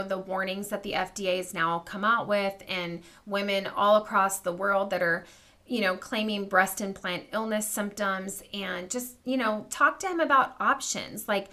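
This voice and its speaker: A woman's voice: mid-range voice, pushed and bright. A woman in her thirties hosting a podcast, telling a personal story in a candid, confiding way and talking straight to her listeners. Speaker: podcast host.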